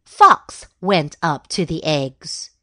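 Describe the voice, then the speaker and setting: A woman reading a children's storybook aloud, slowly and clearly. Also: low-pitched, animated, bright, forceful tone, no echo, clean studio sound. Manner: slow, clearly paced read-aloud. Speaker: storybook reader.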